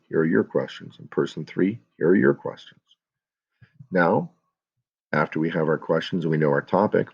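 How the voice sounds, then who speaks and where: A man's voice: low-pitched, gravelly, a little mellow, husky, lo-fi sound. A man teaching a class, giving step-by-step instructions for a student project and speaking directly to his students.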